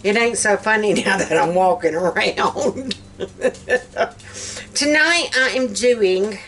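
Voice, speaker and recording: A woman with a Southern US accent chatting casually in her home kitchen for a vlog, folksy and quick to laugh. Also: mid-range voice, a bit bright. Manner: folksy, laughs often while talking. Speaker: vlogger.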